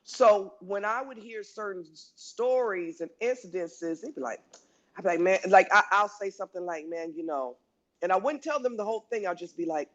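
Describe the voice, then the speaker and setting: A woman telling workplace stories in a casual, animated way, often restarting sentences and acting out what people said. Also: medium pitch, normal speed. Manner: animated, with many restarts and acted-out quotes. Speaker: guest speaker. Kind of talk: casual storytelling. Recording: lo-fi online audio room.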